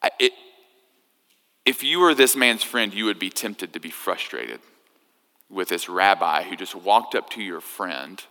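A man preaching a sermon, telling a story in a conversational, animated way. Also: fairly low pitch, clean tone. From United States. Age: 30s. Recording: echoey hall.

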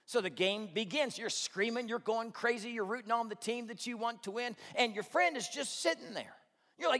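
A male pastor preaching a sermon, telling stories in an animated way and acting out both sides of the conversations. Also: extremely high pitch, fairly quick. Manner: animated storytelling, acts out both sides of dialogues. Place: church sanctuary. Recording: long hall reverb.

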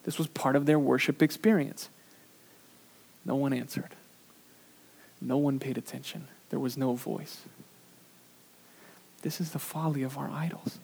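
Man, pastor, preaching. Earnest delivery, mid-range pitch, loud emphatic peaks and hushed low drops, some "uh" fillers. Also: steady tone, unhurried, gravelly, pauses often, slight background noise. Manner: swings between emphatic rises and quiet low drops. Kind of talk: sermon.

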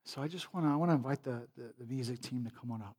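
A male pastor preaching a sermon and leading a prayer, moving from quiet pleading to loud, fervent appeals. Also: medium pitch, rapid-fire. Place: church sanctuary. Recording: long hall reverb.

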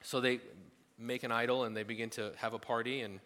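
A male pastor preaching a sermon at a church service, telling the story casually with animated asides. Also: mid-range voice, a little fast, a little hiss or hum. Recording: long hall reverb.

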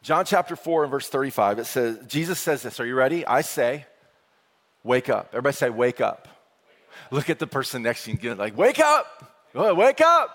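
A man preaching a sermon with energetic call-and-response delivery. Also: medium pitch, brisk. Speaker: pastor. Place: church sanctuary. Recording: long hall reverb.

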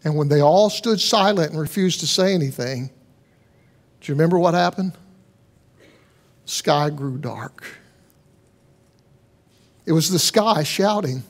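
A man's voice: on the high side, expressive, unhurried, long pauses. A man preaching a sermon as pastor, in an earnest, conversational way with rhetorical questions.

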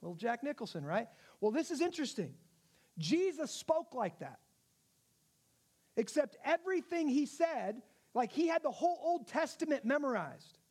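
High-voiced male pastor preaching. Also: big pitch swings, normal speed, a little mellow. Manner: conversational, asks the audience questions. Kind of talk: sermon.

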